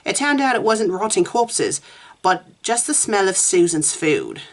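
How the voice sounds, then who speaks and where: A woman's voice: medium pitch, big pitch swings, a little slow. A woman reviewing fanfiction, reading a story aloud with dry, sarcastic asides and putting on a haughty posh voice for the wife.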